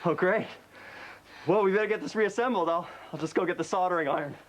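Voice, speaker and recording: A man's voice: sits high, quick pace, highs cut off, very noisy, natural voice. A young man playing a glum, lovesick technician in a TV sitcom, talking in hesitant, stammering bursts. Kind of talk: TV sitcom acting.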